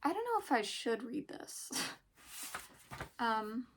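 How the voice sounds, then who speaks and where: A young woman talking hesitantly in a personal confessional vlog, pausing often and searching for words. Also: on the high side, sing-song, breathy edge. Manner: hesitant, halting, many pauses and fillers; emotional, soft-spoken. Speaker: vlogger.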